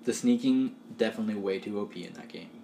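A fairly low-voiced man co-hosting a casual podcast, laughing and dropping into quick quoted voices as he talks. His voice carries a roomy echo, with faint ambient hiss underneath. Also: vocal fry, mellow. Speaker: podcast co-host and game master. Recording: roomy echoey room.

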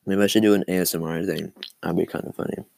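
A man's voice: sits low, fairly even intonation, fast, creaky, a little mellow, no room sound. Coughing young man rambling on a podcast. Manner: rambling, self-deprecating, talks to his cat. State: coughing, phlegmy throat. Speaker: podcast host. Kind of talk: casual solo podcast chat.

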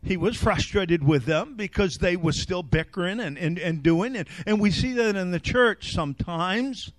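A male pastor preaching an animated sermon that rises to shouts. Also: high voice, normal speed, no room sound.

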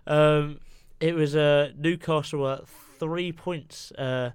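A man co-hosting a casual football podcast in a studio, hesitant with many uhs and deadpan jokes. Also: a little high, takes it slowly, clear, resonant tone, no room sound. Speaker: podcast co-host.

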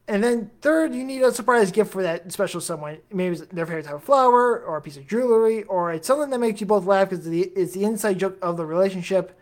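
A man hosting a solo podcast episode, talking straight to his listeners in a rambling, jokey way full of self-deprecating asides. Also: high-pitched. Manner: chatty, addresses listeners directly. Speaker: podcast host.

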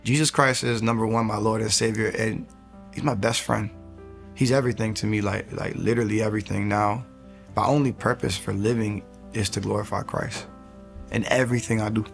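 A man's voice: on the low side, fairly even intonation, a little fast, creaky, soft background music. A man in his thirties, an interview guest, giving a personal faith testimony in an earnest, rambling way and acting out the lines he once said. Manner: earnest, rambling storyteller, acts out his own quotes.

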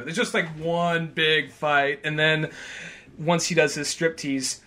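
A man's voice: a little high, normal speed. Rambling young man reviewing a film. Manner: rambling, many fillers, acts out quotes loudly. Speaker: podcast host. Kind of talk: casual film review chat.

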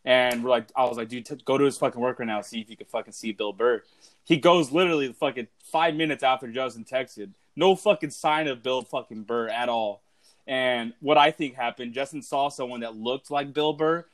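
A man's voice: medium pitch, fairly quick. A young man hosting a casual podcast, telling stories in a loose, profane way. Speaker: podcast host.

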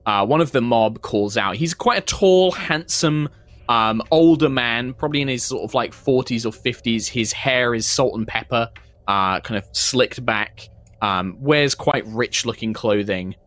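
A man's voice: medium pitch, measured pace, a bit bright. A man narrating a tabletop game as game master, describing scenes with frequent fillers.

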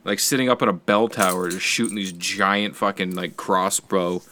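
A man's voice: sits low, normal speed, background noise. A man chatting casually, rambling and swearing as he tells stories with sound effects. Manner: rambling, profane, animated storytelling with sound effects. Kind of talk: casual chat.

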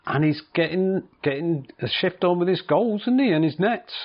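A relaxed man hosts a local radio segment, nudging the talk along with short acknowledgements. His voice sits a touch high. The sound is dry and a little dull. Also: normal speed, no room sound. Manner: relaxed, prompting with short "right"s. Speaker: radio host. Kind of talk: casual radio interview.

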